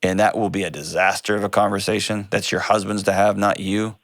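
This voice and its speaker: A lower-voiced man hosts a call-in advice show in a dry, close studio sound. He talks directly and earnestly and often corrects himself mid-sentence. His delivery turns animated when he retells a story. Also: a little fast, no room sound.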